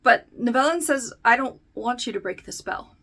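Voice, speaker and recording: Here is a bright, crisp young woman talking a little higher than most as she recaps a book chapter for a review video. She chats loosely with plenty of fillers and frequent laughs, and now and then she slips into reading lines straight from the text. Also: lively intonation, moderate pace. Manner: chatty, filler-heavy, laughs often, reads book passages aloud. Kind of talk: casual book-versus-show recap.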